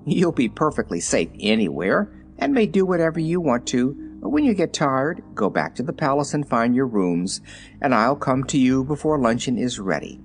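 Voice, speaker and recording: A man reading aloud and voicing a cheerful young girl who speaks briskly and reassuringly. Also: mid-range voice, sing-song, soft background music.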